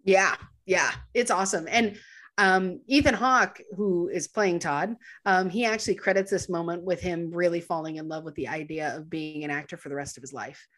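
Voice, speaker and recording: A woman's voice: lowish voice, normal speed, a bit bright. A woman co-hosting a podcast, chatting enthusiastically about a film and laughing easily. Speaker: podcast co-host. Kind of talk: casual film discussion.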